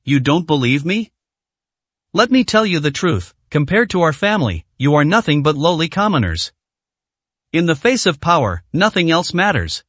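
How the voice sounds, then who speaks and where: Arrogant wealthy mother read by a man, scornful, lively, dry close sound. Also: on the high side, moderate pace, no echo. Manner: haughty, contemptuous. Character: arrogant rich woman, spoiled son's mother.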